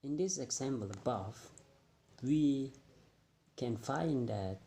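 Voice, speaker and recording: Slow, halting young man explaining. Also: mid-range voice, expressive, warm tone. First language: Indonesian. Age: young adult. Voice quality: halting, repeats words, frequent pauses. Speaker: student presenter. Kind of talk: classroom-style explanation.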